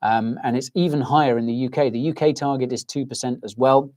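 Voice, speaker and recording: A man's voice: mid-range voice, steady tone, a little fast, darkish tone. A middle-aged English man hosting a livestream in casual chat, with a soothing, soporific voice, rambling and ranting as he reacts to viewers' comments. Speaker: livestream host.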